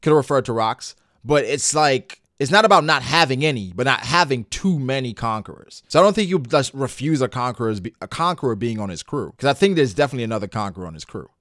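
A man hosting a reaction channel, giving excitable, profane live commentary that breaks into shouts. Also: medium pitch, fast talker, few pauses, no echo, studio quality. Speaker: anime reaction channel host.

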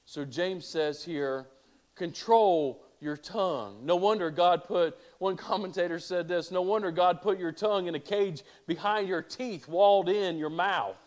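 A man's voice: high-pitched, a little slow, darkish tone. A male pastor preaching a sermon, asking rhetorical questions and reading scripture aloud.

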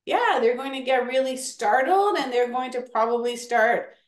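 Encouraging woman host for a kids' workshop, high voice, roomy echo. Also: moderate pace. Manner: encouraging, animated, counts kids in. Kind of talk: lively classroom-style teaching.

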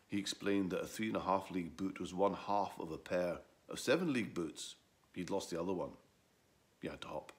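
A man reading a children's story aloud in an expressive, lively way. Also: low voice, a little fast.

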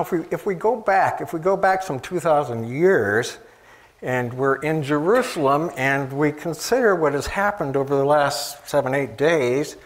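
Speaking in a fairly high voice, a man delivers a sermon conversationally, putting questions to his listeners. He pauses often, with fillers and restarts.

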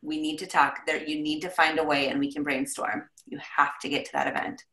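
An upbeat woman co-hosts a casual team call and urges listeners on. Her voice is low yet bright and forceful. It rings with a roomy echo. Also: fairly even intonation, fairly quick. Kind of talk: casual chat.

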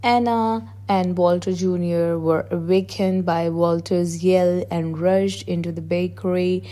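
A woman narrating a children's picture book aloud in a gentle, measured storytelling voice. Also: fairly low pitch, steady tone.

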